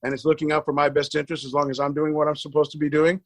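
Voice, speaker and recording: Animated man telling a story, dry sound. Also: a little high, very fast, dry recording. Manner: animated storyteller, acts out dialogue, repeats words when excited. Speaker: podcast guest. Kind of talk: casual storytelling interview.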